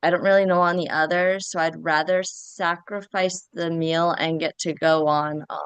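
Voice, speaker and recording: A woman in a casual roundtable chat, talking in a relaxed, offhand way. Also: lowish voice, moderate pace, smooth, dry recording.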